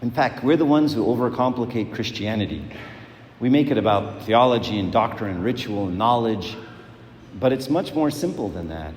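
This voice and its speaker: A man's voice: mid-range voice, animated, moderate pace, a little mellow. A man preaching a sermon in a conversational way, repeating words and asking rhetorical questions. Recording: echoey hall, faint noise.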